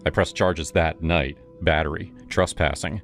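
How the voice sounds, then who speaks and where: A man's voice: very deep voice, fairly even intonation, measured pace, fairly bright tone. A man narrating a first-person horror story in a dramatic, scripted storytelling manner. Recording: music bed under the voice. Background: music.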